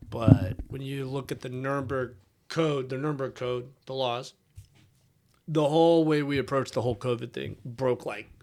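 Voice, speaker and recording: Young guy, kinda gravelly, laid-back, swears casually, chatting with a buddy. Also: medium pitch, steady tone, moderate pace, a little mellow. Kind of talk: casual chat.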